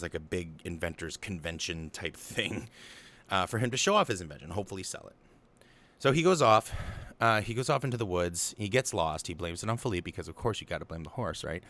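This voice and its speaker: A man with a slightly low voice talks through a film plot in easy, casual chat. He is amused and opinionated, filling his talk with fillers and restarting his sentences as he goes. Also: a bit bright.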